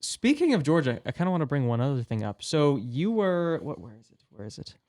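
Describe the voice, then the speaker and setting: A man's voice: fairly high pitch, very animated, a little fast, a little mellow. A man hosting a podcast who asks the guest rambling, hesitant questions, restarting and correcting himself mid-sentence. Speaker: podcast host. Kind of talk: casual interview questions.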